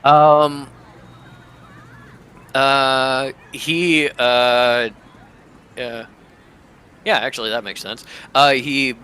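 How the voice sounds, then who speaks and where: A man narrating as game master in a tabletop game, speaking haltingly and filling pauses with fillers. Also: medium pitch, fairly even intonation, bright, forceful tone, clean tone.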